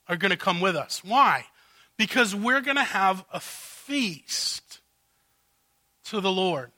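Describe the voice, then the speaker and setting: A man's voice: high voice, bright, forceful tone. A male pastor preaching an expository sermon, walking through the text and acting out what the characters are really saying.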